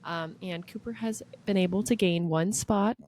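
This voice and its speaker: A woman's voice: on the low side, normal speed, darkish tone. A woman co-hosting a podcast, telling a personal story in a chatty, emotional way with lots of fillers. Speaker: podcast co-host. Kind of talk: casual podcast chat.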